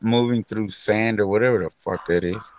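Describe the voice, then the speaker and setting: A man chatting in a casual gaming session, slow and drawling, swearing casually. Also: on the low side, darkish tone, poor audio. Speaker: friend in the game session.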